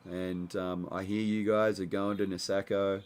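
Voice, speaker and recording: A man's voice: deep voice, measured pace, a little hiss or hum. A young man, hosting a casual livestream and chatting loosely with lots of fillers. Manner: relaxed, rambling, many fillers. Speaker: livestream host reading chat. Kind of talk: casual live chat.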